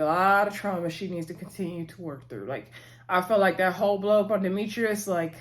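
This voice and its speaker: A woman hosting her own channel, giving a chatty, opinionated recap of a reality show with frequent asides to her viewers. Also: on the low side. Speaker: channel host. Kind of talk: casual reality-TV recap commentary.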